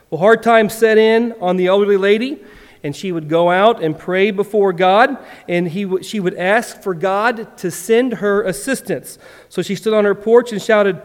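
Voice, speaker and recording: A man's voice: high-pitched, normal speed, big-room sound. A man preaching a sermon, opening with a joke and acting out its characters' lines. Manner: animated storytelling, acts out voices in the joke. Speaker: pastor.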